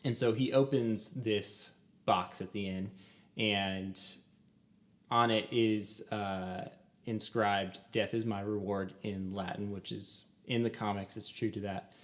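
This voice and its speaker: A man's voice: on the low side, steady tone, slow. A young man co-hosting a casual podcast about a film. He talks eagerly with many "um"s and laughs often. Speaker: podcast co-host.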